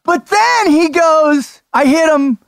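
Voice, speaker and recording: Fired-up high-voiced male podcast host. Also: expressive, slow pace, dry recording, studio quality. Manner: hyped, loud, laughing often, swearing. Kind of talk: energetic podcast conversation.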